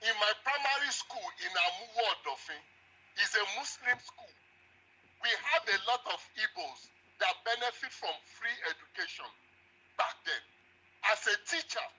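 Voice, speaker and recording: A man's voice: high voice, bright, forceful tone. A man in his forties with a Nigerian accent calling a radio show and lecturing, repeating his points. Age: 40s. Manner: preachy, repeats himself. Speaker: caller. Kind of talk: phone-in comment. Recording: husky phone line.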